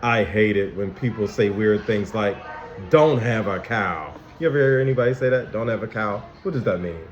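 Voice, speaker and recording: A man voicing Anger, a grumpy male emotion character, with a growly, gruff, emphatic delivery, reading a picture book aloud to young children. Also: on the low side, moderate pace, a little hiss or hum, natural voice. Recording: dull, echoey room recording.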